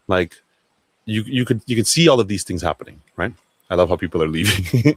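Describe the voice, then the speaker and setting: A man's voice: sits low, fairly quick, breathy edge, dry recording. A man hosting a casual livestream, rambling and swearing as he talks to viewers. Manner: rambling, profane, excitable. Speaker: livestream host.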